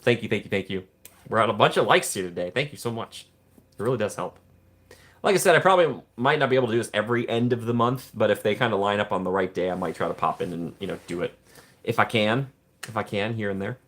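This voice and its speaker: A man's voice: on the low side, fast talker, a bit bright. A man hosting a casual livestream, rambling and joking while he reads viewer chat. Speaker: livestream host.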